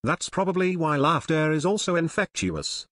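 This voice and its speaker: A man giving scripted, deadpan comic narration in a dry, lecturing tone, like an outsider explaining things. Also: on the high side, moderate pace, dry recording. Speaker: narrator of an educational series.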